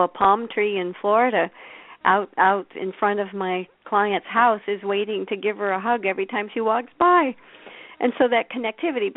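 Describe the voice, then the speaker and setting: A woman's voice: medium pitch, dry recording. A woman telling stories as a guest in a radio interview, chatty and anecdotal. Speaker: intuitive reader, guest. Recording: dry, tinny phone line.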